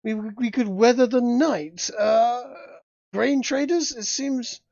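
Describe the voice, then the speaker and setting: A man's voice: very high voice, takes it slowly, creaky, a little mellow, no echo, pitched above the performer's own voice, heavily acted. A man voicing a flustered, posh male town governor who stammers in shaken, formal tones. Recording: dull lo-fi dry sound.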